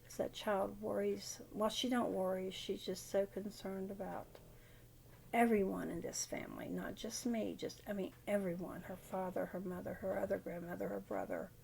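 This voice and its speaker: An older widowed grandmother telling a personal story in a halting, rambling way in a casual vlog. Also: mid-range voice, flat delivery, vocal fry, a little mellow, slight background noise.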